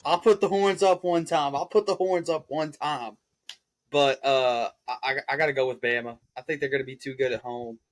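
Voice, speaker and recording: A man hosting a casual sports podcast, excitable and prodding his co-hosts for their picks. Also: medium pitch, moderate pace. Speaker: podcast host.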